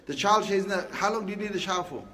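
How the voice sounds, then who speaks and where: A preacher with a high-pitched voice delivers a Friday sermon very fast. His style is lively and conversational, and he keeps posing rhetorical questions to the congregation.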